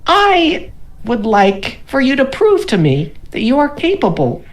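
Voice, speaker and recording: A woman's voice: high voice, huge pitch swings, unhurried, pitched above the performer's own voice, full character voice. A woman voicing a mischievous male gnome who steals phones, giggling and teasing with pompous speeches. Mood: grandiose.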